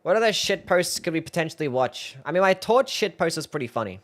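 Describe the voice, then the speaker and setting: A man's voice: fairly high pitch, big pitch swings, fairly quick, fairly bright tone. A young man streaming live, reacting to his own old videos, laughing, swearing and mocking himself.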